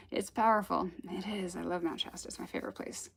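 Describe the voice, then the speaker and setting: A woman's voice: fairly low pitch, moderate pace, vocal fry, husky. A woman giving a casual spiritual talk, telling stories in a rambling, chatty way. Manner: rambling, chatty storytelling with laughs. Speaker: spiritual teacher.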